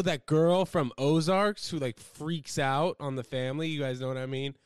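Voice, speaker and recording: A young American man chatting casually with his live viewers, rambling from topic to topic and swinging between loud bursts and low mumbles. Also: fairly even intonation, moderate pace, hardly any pauses, clean tone, no echo, clean studio sound. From United States. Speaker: livestreamer. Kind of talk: casual rambling livestream chat.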